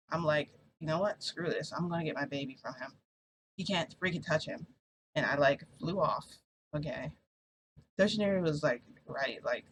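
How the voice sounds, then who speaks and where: A woman's voice: deep voice, a little hiss or hum, poor audio. Rambling woman telling a story to camera. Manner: animated, rambling, swears, quotes people. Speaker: vlogger.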